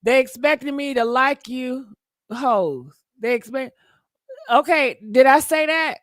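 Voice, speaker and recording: A high-voiced woman chats casually on a livestream. She reads comments and talks back in a brash, teasing way, laughing often. The sound is dry and close, with no room around it. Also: dry recording. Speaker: livestream host reading chat.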